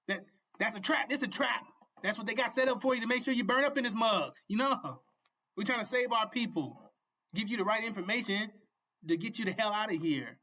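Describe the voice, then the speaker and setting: High, bright-voiced fervent male preacher. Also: fairly quick. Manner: fervent, repetitive, often asks "You see?"; laughs and shouts at peaks. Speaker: preacher and show host. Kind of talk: informal street sermon.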